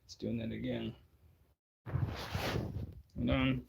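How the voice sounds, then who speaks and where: A man's voice: mid-range voice, little pitch movement, takes it slowly, creaky, slight background noise. Rambling, heated man on dull lo-fi audio. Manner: rambling, heated, many restarts and fillers. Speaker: commentator. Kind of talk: casual reaction commentary.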